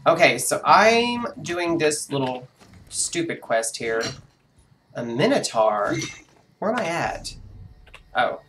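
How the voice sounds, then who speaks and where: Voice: mid-range voice, very animated, takes it slowly, pauses often, a bit bright, slight background noise. A live-streaming gamer giving casual commentary to viewers, narrating moves aloud, swearing freely at setbacks and laughing the frustration off. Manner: narrates own moves aloud, chatty and exclamatory.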